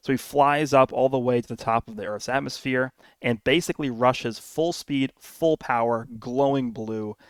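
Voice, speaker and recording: Man, casual recap, rambling, fillers and restarts, chuckling, middle pitch, dry close sound. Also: normal speed, hardly any pauses, clean tone, no room sound. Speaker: YouTube anime commentator.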